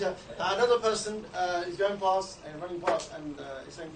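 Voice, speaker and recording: Guy teaching a room, cheeky jokey talk, far off mic, hissy noise behind. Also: high-pitched. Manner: lively, joking, quick banter. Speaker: dawah trainer. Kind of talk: informal training talk. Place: room with an audience. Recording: echoey, distant, noisy room recording.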